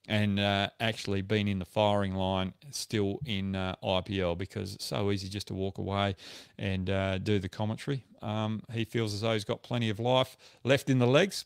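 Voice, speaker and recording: A man's voice: fairly low pitch, clean tone, dry recording, studio quality. A middle-aged Australian man hosting a casual live stream, answering viewer questions in a chatty, friendly way and correcting himself as he goes.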